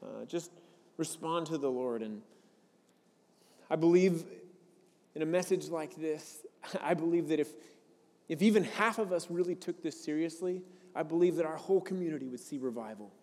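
A man's voice: fairly high pitch, normal speed, a little mellow. Earnest male pastor in an echoing hall. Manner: conversational, earnest, repeats words when restarting. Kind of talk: sermon. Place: church sanctuary. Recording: long reverb of a large hall.

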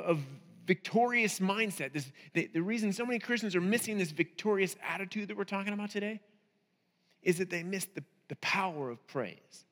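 A man's voice: high voice, long reverb tail. A male pastor preaching a sermon in a conversational way to a church congregation. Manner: conversational, asks rhetorical "right?". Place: church hall.

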